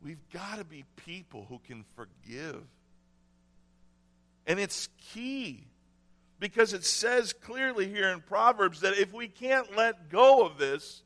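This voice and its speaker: A man's voice: high voice, big pitch swings, takes it slowly, fairly bright tone. A man preaching a sermon in an earnest way, repeating key phrases for emphasis. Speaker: pastor.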